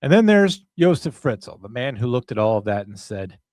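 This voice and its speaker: A man at a middle pitch hosts a true crime podcast with a deadpan, sarcastic comic edge. His voice is close to the mic, and the sound is dry and free of room echo. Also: moderate pace. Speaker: podcast host.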